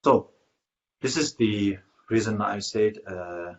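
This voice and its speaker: A lower-voiced man gives a Buddhist dharma talk, pausing often with fillers and restarting his phrases. The recording is muffled and lo-fi. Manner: halting, many fillers and restarts. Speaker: Buddhist teacher.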